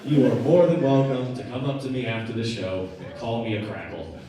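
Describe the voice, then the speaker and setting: A man's voice: medium pitch, a little fast, heavy background noise. A man doing a stand-up set, telling a story and acting out the people in it. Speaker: stand-up comedian. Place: comedy club stage. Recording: echoey club, mic at a distance, loud crowd. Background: audience laughter.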